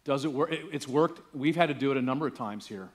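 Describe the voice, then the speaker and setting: A man's voice: medium pitch, fast. A male pastor preaching a sermon, telling a story casually and building to emphatic preaching. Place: church.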